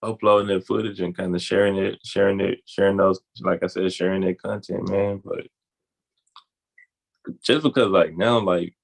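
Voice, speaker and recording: A man's voice: sits low, fairly even intonation, normal speed, creaky, low-quality recording. A man with a Southern US accent talking in a loose, rambling way full of fillers, in casual conversation.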